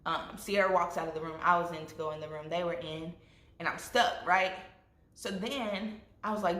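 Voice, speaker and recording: A young woman vlogger telling a storytime with lively asides to her viewers, acting out what people said. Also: lowish voice, moderate pace. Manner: animated, addresses viewers as y'all, acts out quotes. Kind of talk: storytime vlog. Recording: echoey room.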